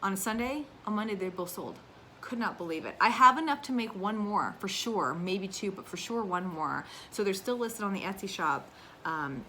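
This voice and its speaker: A woman's voice: medium pitch, bright, forceful tone, a little hiss or hum. A woman in her thirties from the United States, chatting casually and animatedly about her sewing projects and laughing at herself. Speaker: crafting vlogger. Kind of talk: casual chat.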